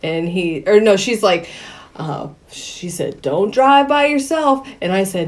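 In an unhurried, mid-range voice, this female podcast co-host recounts a film's story in relaxed conversation. She performs the characters' dialogue and laughs a lot.

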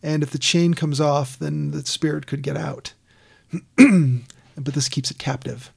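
A man in casual podcast chat, retelling a film scene by scene in a rambling, animated way with lots of fillers. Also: fairly high pitch, a little slow, vocal fry, slightly rough.

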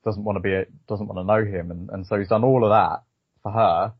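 Low, husky-voiced man musing. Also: steady tone, a little fast, no room sound. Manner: thoughtful, musing, full of "you know" and "I mean". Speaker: podcast co-host. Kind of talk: casual chat, discussing an episode. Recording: dull lo-fi, dry.

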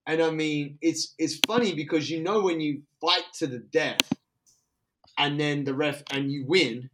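An excitable Australian man telling a story in casual, slangy talk. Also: a little high, a little slow, background noise.

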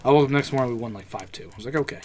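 A man co-hosting a podcast in casual chat, telling animated, profane stories. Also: mid-range voice, rapid-fire. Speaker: podcast co-host.

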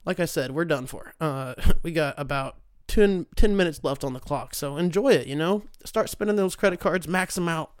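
Young man, slightly high voice, casual solo host, profane, sarcastic, rambling. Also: moderate pace, hardly any pauses, smooth, no room sound, studio quality. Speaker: podcast host.

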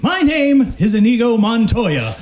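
A man imitating a ring announcer, belting out a dramatic line in a drawn-out, booming voice. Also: big pitch swings, darkish tone, full character voice.

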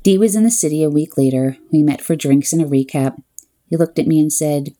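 A woman with a low, mellow voice recounts a comic personal story. Her delivery is wry and deadpan, with exasperated asides. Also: brisk.

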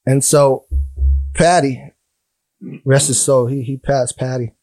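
A man telling animated stories in a casual interview. He acts out other people's voices, laughs often and swears freely. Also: mid-range voice, slow, no room sound, faint music behind. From Canada. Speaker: guest musician.

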